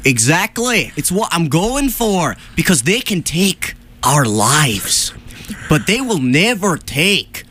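A man's voice: fairly high pitch, sing-song, slow pace, sharp tone, full character voice. A radio host voicing a boisterous Scottish man with a hammy, theatrical put-on Scottish accent.

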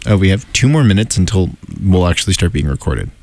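A man's voice: low voice, big pitch swings, fast talker, darkish tone. A young man co-hosting a casual podcast, rambling and giggly with lots of fillers and restarts. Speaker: podcast co-host. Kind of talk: casual chat.

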